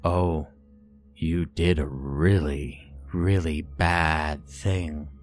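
An unsettling small boy in a devil mask, played by a man with a low voice, leans in close and murmurs his words softly. His delivery is drawn out and whispered, giving a creepy horror-story feel. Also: fairly even intonation, faint music behind, heavily acted. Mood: sorrowful. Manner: soft slow whisper.

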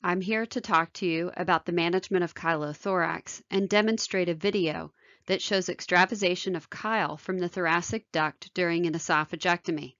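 A lower-pitched woman surgeon narrates a medical lecture in a measured, technical tone. Her voice is close and dry, with a dull, lo-fi sound. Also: fairly even intonation, a bit bright, no room sound. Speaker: thoracic surgeon.

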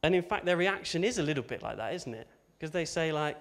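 A man preaching in a relaxed, conversational way, breaking in with asides and quick tag questions. His voice sits a little higher than most men's, light and easy as he tells the story. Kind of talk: informal sermon.

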